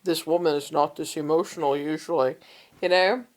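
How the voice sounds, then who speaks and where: A woman's voice: deep voice, moderate pace. A woman in casual conversation, telling a personal story and acting out the people she quotes. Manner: storytelling, animated when quoting others. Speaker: podcast co-host. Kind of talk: casual chat.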